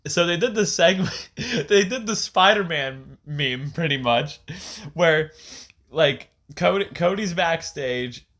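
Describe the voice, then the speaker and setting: A man co-hosting a podcast in a casual chat, eagerly telling stories. His voice is bright and forceful, and he laughs often between his points. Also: on the high side, lively intonation, slow. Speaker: podcast co-host.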